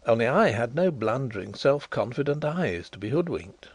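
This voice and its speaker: A man voicing a calm, genial blind gentleman detective who speaks suavely and placidly in an audiobook. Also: mid-range voice, moderate pace, breathy edge, dry recording.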